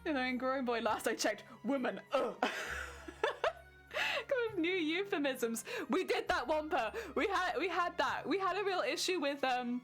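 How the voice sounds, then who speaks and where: A woman's voice: high-pitched, expressive, normal speed, hardly any pauses, fairly bright tone, soft background music. A young British woman streaming casually while crafting, chatty and giggling often. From Britain.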